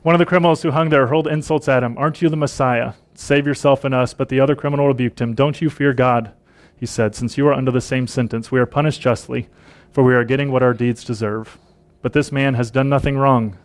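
During a Sunday church service, a man with a medium-pitched, steady voice preaches quickly. He reads scripture aloud and then reflects on it in plain words.

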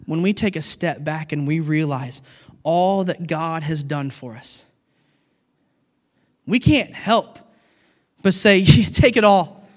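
Pastor, middle-aged man: high-pitched, lively sermon delivery, hall reverb. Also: slow pace, long pauses. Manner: animated, acts out dialogue with God.

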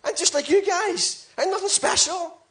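A man's voice: extremely high pitch, normal speed. A man pastor preaching a sermon, exhorting his congregation with emphatic, repeated phrases. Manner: emphatic, repetitive exhortation with rising shouts.

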